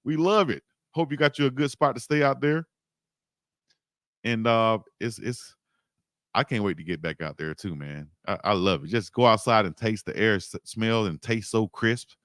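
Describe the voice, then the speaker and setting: A man's voice: lowish voice, moderate pace, dry recording, studio quality. Chatty man hosting a livestream. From South Georgia, US. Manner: chatty, repeats "baby" and shout-outs. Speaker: livestream host. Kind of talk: casual livestream commentary.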